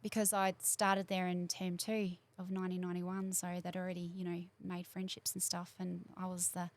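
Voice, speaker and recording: A woman's voice: on the low side, level tone, normal speed. A woman in her forties from New Zealand with a New Zealand accent, chatting as a guest in a rambling way with many fillers. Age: 40s. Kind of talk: casual chat.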